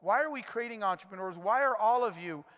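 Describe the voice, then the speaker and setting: Middle-aged male keynote speaker, high-pitched, energetic storyteller, reverberant hall sound. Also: fast. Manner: energetic storytelling, rhetorical questions. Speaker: conference speaker. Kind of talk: keynote speech. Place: large conference hall.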